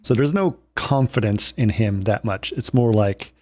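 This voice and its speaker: A man's voice: on the low side, unhurried, a little mellow, no room sound. A man co-hosting a podcast, casually retelling a film's story with frequent restarts and small chuckles. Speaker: podcast co-host. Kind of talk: casual film discussion.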